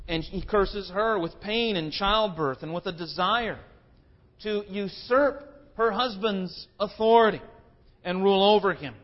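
A man preaches a sermon in a high, ringing voice. He drives his points home with emphatic, dramatic delivery. The recording sounds dull and lo-fi. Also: measured pace. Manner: emphatic and dramatic, acting out quotes.

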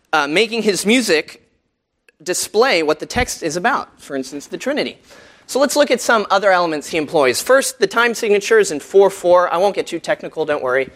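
Man lecturing on hymns, higher voice. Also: fairly bright tone. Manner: conversational, asks the audience questions, many fillers. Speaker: church music teacher. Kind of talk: lecture to a group.

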